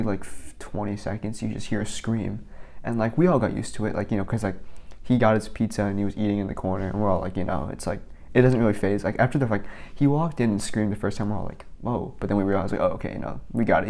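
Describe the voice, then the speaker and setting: A man's voice: on the low side, gravelly, a little mellow. A young man casually rambling through work stories for his vlog, filling his talk with "like" and restarts. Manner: rambling, filler-heavy, many "like"s. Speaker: vlogger.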